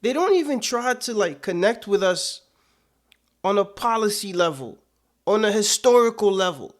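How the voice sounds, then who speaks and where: A man's voice: high voice, animated, moderate pace. A man giving casual political commentary, indignant and full of rhetorical questions.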